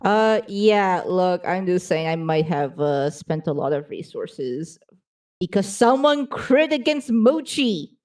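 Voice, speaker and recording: A woman's voice: fairly low pitch, lively intonation, takes it slowly, darkish tone. A woman playing a tabletop game, asking about the rules in a chatty, hesitant way with many fillers. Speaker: player.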